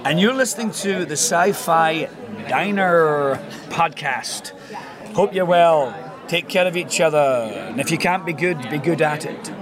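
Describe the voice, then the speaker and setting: A man's voice: fairly high pitch, expressive, unhurried. A man with a Scottish accent, giving a playful recorded greeting as a guest actor. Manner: playful, jokey. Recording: loud crowd noise at a convention.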